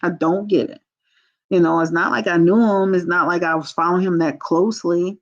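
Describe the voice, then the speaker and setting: A woman's voice: lowish voice, fairly even intonation, brisk. Blunt, candid woman on a lo-fi livestream. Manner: blunt and candid, addresses viewers as y'all. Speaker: tarot reader and livestream host. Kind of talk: casual livestream commentary.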